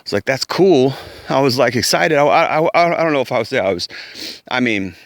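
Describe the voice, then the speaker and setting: A man at an ordinary pitch rants heatedly to camera, swearing and hammering his points with repeated words. His voice is recorded close and dry, with no room echo. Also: animated, brisk, fairly bright tone. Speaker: vlogger. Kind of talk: opinion rant to camera.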